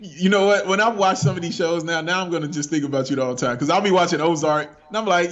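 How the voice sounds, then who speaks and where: A man with a slightly raised pitch chats as a podcast guest. He talks in easy, slangy bursts and laughs a lot while hyping up the other speaker. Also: lively intonation, fairly quick, a bit bright, lo-fi sound. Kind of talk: casual chat.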